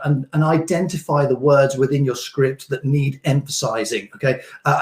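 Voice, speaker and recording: A man's voice: mid-range voice, darkish tone. Casual rambling male coach, echoey room. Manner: casual, rambling explanations with many fillers and restarts. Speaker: online business coach. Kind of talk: live teaching session. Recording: roomy echo.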